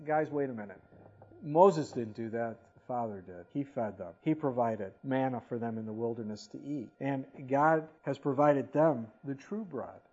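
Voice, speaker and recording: A man's voice: medium pitch, warm tone, muffled recording. A man preaching a sermon as a pastor, reading scripture aloud and then explaining it in casual, conversational asides.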